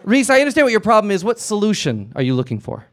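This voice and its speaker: A man's voice: sits high, huge pitch swings, fast talker, exaggerated voice. A man playing a flustered, earnest talk-show host on stage, stammering and restarting as he patiently coaxes his guest in an improvised comedy. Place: stage before a live audience.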